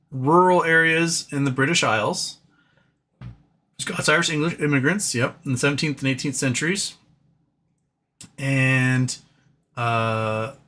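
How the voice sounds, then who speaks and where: Bright-voiced fast-talking male streamer. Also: on the high side. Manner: fast talker with many fillers and restarts. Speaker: livestream host. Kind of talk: casual live-stream chat.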